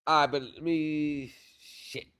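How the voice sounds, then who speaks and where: On a casual pro se legal help livestream, a man speaks into a streaming setup mic with a slightly high, steady voice that's fairly bright and clean. He goes at a slow pace. He comes across as confident, repeats himself, and trails off while working his screen.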